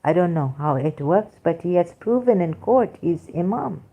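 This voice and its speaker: A woman's voice: fairly low pitch, moderate pace, phone-quality sound. A middle-aged woman hosting a livestream, talking casually to her chat in an emphatic way with many fillers. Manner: animated, emphatic, frequent fillers. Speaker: livestream host reading chat.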